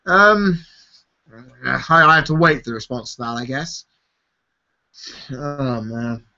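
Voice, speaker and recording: A man's voice: on the high side, expressive, moderate pace, creaky, pushed and bright. Tired guy on a lo-fi live stream. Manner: casual, swears freely, laughs often. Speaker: YouTube host answering viewer questions. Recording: dull lo-fi stream audio.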